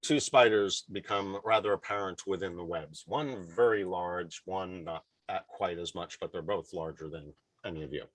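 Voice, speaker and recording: A man's voice: deep voice, normal speed, fairly bright tone, no room sound. A man acting as game master, laying out the scene and running the session in a matter-of-fact way. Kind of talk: narrating a tabletop game.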